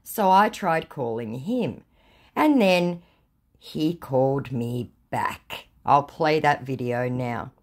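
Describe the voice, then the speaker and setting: A woman's voice: extremely low pitch, expressive, takes it slowly. A woman vlogger reading out a text chat with a scammer in a mocking, laughing way.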